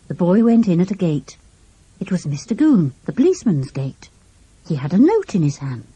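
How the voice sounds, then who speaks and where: Expressive, husky woman reading a storybook. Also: fairly low pitch, normal speed, no room sound, low-quality recording. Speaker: audiobook narrator. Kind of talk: storybook narration.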